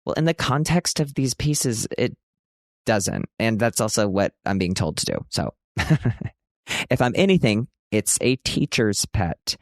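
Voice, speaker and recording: A man's voice: expressive, unhurried, no room sound. Chatty man with a dry close sound. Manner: chatty, dramatic, self-mocking, bursts into a booming announcer voice. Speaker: podcast host. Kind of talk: casual podcast chat. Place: hotel room.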